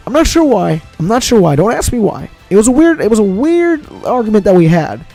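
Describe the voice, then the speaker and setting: A young man tells a rambling personal story in casual, profane slang, circling back over the same points again and again. His voice sits high yet has a dark, mellow tone. Faint music plays quietly underneath. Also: vocal fry. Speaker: vlogger.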